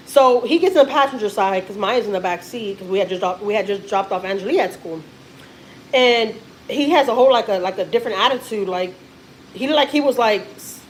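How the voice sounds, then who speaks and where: A woman's voice: fairly high pitch, slight background noise, rough recording. A woman in her thirties from Texas, a mother telling a family story in a rambling, emphatic way on a casual live stream.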